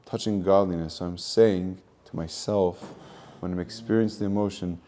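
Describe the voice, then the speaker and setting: Male spiritual coach, low and mellow, earnest, repetitive teaching talk. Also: fairly even intonation, moderate pace. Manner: earnest, repeats phrases, uses Hebrew terms. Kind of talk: teaching monologue.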